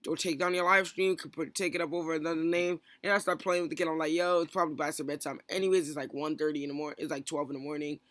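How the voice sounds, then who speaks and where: A young man telling a long, rambling storytime about an online feud. He keeps restarting and slips into quick quoted bursts of what others said. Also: on the high side, level tone, a bit bright, no room sound. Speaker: stream moderator. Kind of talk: casual storytime rant.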